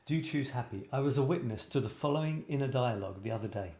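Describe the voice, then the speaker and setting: Reading viewers' writing aloud on a live creative writing show, this British man chats in a rambling, self-mocking way with a British English accent. His mid-range, mellow voice is fast with lively intonation, and the room gives an echo.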